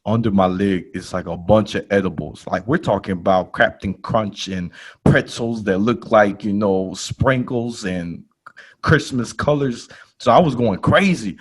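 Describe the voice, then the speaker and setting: Animated man telling a comic story. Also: on the low side, unhurried, breathy edge. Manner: animated, jumps to loud exclaims in quoted lines; casual slangy talk, laughs through story. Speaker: podcast host.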